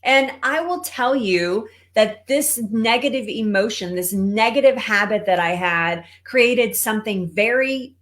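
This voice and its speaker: A woman from Texas with a Texan accent speaks to a live audience as a cancer coach. She takes her time, pace unhurried, chatting and greeting viewers with an easy conversational laugh. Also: a little high, animated, fairly bright tone. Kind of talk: live-streamed motivational talk.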